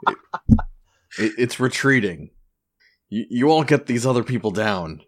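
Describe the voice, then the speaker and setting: A man's voice: medium pitch, animated, a little slow, a bit bright. A man playing a tabletop game, speaking hesitantly and restarting words as he asks about the rules. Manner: hesitant, repeats words, asks rule questions. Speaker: player. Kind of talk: casual tabletop play.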